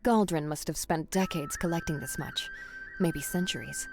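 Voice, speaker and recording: A woman voicing a mysterious, secretive young woman in a video game, speaking in a hushed, low, measured way. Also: huge pitch swings, music in the background. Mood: solemn.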